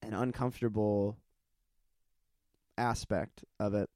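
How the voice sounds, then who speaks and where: A man's voice: fairly low pitch, fairly even intonation, takes it slowly, a little mellow, no room sound. Dry, rambling self-deprecating man. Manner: rambling, self-deprecating, laughs often, swears. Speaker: podcast co-host. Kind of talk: casual chat.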